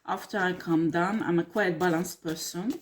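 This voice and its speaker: A woman on the low side of pitch talks at normal speed with fairly even intonation. Her tarot reading, a monologue to camera, is blunt and combative, peppered with swearing, scornful laughs, and the repeated questions "do you understand?" and "okay?"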